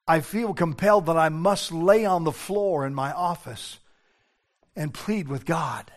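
High-pitched older man preaching. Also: measured pace. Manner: earnest preaching, swinging from hushed and low to raised and urgent. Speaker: pastor. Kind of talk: sermon.

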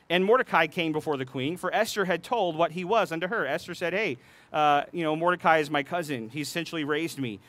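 A man's voice: fairly high pitch, a bit bright. A man preaching a sermon, retelling a scripture story with playful voiced dialogue between readings. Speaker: pastor.

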